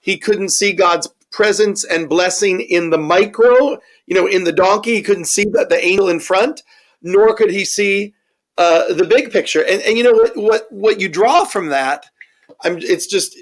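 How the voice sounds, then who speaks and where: A man's voice: high-pitched, moderate pace. A man, a bishop hosting a Bible study discussion, affirming and reflective. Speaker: bishop, host.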